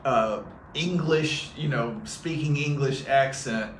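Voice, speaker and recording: Man with quick, jokey asides. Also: mid-range voice, roomy sound, slight background noise. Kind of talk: casual chat.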